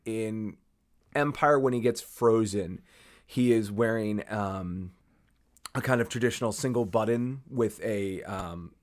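A man's voice: lowish voice, unhurried. A man co-hosting a podcast, chatting casually about a film in a detailed, digressive way with many fillers. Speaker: podcast co-host.

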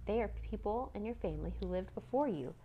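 A woman voicing an earnest, helpful old male scholar in a storybook reading, with a gravelly edge to her voice. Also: medium pitch, animated, fairly quick, dull audio, a little hiss or hum, close to an everyday voice. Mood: explaining.

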